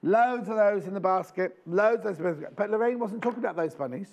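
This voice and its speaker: A man's voice: high-pitched, a little fast. A man presenting on a live shopping channel, chatting with enthusiasm and jokes. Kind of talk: live TV sales chat. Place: TV studio.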